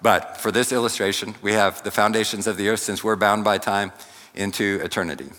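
A pastor preaches a sermon in a church hall, slow and deliberate, with asides turned to the congregation. His voice sits a little low yet has a bright, forceful edge and a steady tone. Each phrase trails off into a long reverb.

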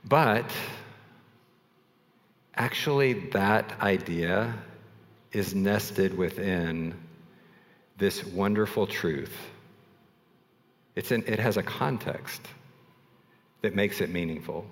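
A male pastor preaching in a relaxed, conversational way, telling stories with self-deprecating asides. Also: sits low, slow pace, pauses often, big-room sound. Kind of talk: sermon.

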